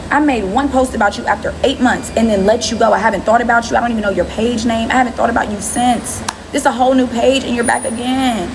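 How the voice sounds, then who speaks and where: A woman's voice: a little high, vocal fry, noisy background. Scornful woman ranting on a livestream. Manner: blunt, scornful, repetitive. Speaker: livestream host. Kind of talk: ranting livestream talk to viewers. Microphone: phone.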